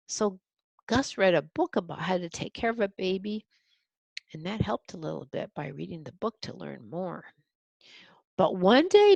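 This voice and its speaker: A woman's voice: low-pitched, gravelly, a little mellow, husky, no room sound. A woman reading a picture book aloud to children, explaining words and adding chatty asides. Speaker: storyteller.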